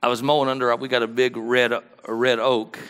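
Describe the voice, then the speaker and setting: A man preaching a sermon as pastor, telling folksy stories in a conversational way and rising to loud, animated peaks. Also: mid-range voice, fairly quick, clear, resonant tone.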